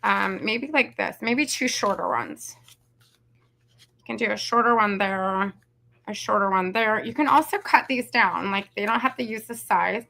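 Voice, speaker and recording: A woman's voice: mid-range voice, measured pace, gravelly, sharp tone. A woman, chatting casually and rambling as she hosts a craft tutorial. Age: 40s. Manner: chatty, rambling, says "y'all" and "you guys". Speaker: craft video host.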